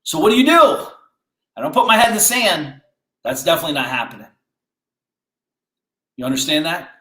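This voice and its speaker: A man's voice: fairly high pitch, very animated, fairly quick, pushed and bright, echoey room. A man hosting a podcast, giving a blunt, fired-up motivational monologue full of rhetorical questions. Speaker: podcast host.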